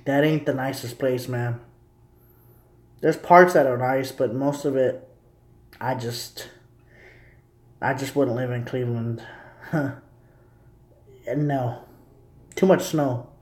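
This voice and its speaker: A man's voice: mid-range voice, fairly even intonation, slow pace, long pauses, echoey room. A young man casually rambling to his viewers as a streamer. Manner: rambling, repetitive, talking to viewers. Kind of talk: casual live commentary.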